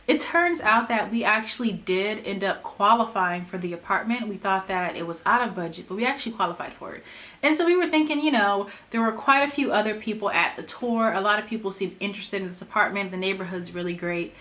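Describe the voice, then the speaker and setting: Woman vlogger, casual storytelling, animated and chatty, medium pitch. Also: a little fast. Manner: animated, chatty retelling with frequent "like".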